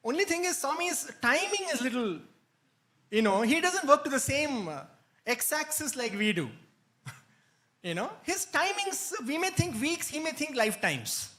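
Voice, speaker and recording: Male retreat speaker, high-pitched, animated anecdotal storyteller. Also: measured pace. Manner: animated storytelling, frequent laughs. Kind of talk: anecdotal talk. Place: hall, live-streamed.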